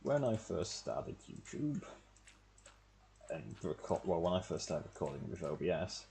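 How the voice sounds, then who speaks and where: A man's voice: low-pitched, sing-song, a little slow, gravelly, dark tone, a little hiss or hum. A man streaming a game, chatting casually with wry, profane, rambling asides. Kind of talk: casual gameplay commentary.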